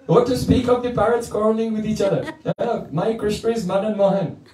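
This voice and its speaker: High-voiced man giving a devotional lecture. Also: a little fast, mellow. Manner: playful storytelling, chants verses in song. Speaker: spiritual teacher. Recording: echoey room, mic at a distance.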